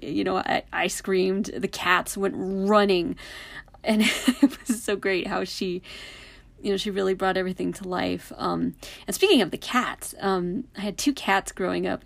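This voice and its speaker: Woman, thirties, chatty storyteller; filler-heavy, fond, animated; mid pitch. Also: vocal fry. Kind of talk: casual personal storytelling.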